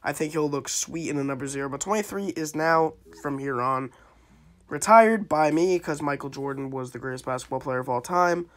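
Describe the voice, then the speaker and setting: A man's voice: on the high side, moderate pace. A young man giving casual, chatty commentary on his gameplay, second-guessing himself as he goes. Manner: chatty, self-interrupting, wavering pick by pick. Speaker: gaming YouTuber.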